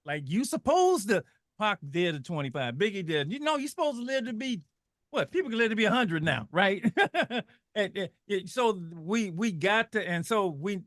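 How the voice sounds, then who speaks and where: A man's voice: sits high, very animated, moderate pace, a bit bright, no echo, clean studio sound. A middle-aged man talking with passion on a radio show, often repeating and restarting his words. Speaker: guest. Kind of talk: impassioned radio talk.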